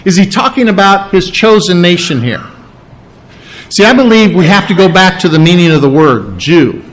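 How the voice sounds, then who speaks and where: A middle-aged man preaching a sermon, animated and full of rhetorical questions. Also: sits high, moderate pace. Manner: animated, rhetorical questions, acts out quoted voices. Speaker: pastor.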